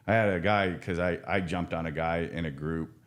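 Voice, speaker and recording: Earnest low-voiced male counselor. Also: fairly even intonation, moderate pace. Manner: earnest, frank, with many restarts and casual swearing. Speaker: addiction counselor. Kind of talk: casual podcast conversation.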